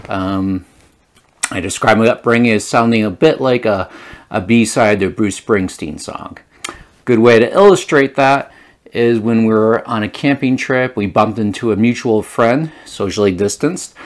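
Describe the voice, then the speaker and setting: A man from Rhode Island telling a playful story in a vlog. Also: mid-range voice. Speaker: vlogger.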